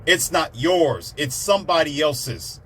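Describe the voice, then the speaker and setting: A man's voice: fairly high pitch, animated, unhurried, fairly bright tone, slight background noise. A man giving a blunt, preachy motivational monologue, repeating himself to drive points home. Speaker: motivational speaker.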